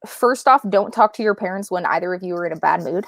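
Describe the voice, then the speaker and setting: A woman's voice: fairly low pitch, fairly quick, creaky, dry recording. A young woman talking as a guest in a casual interview, chatty and often asking "right?" to check in.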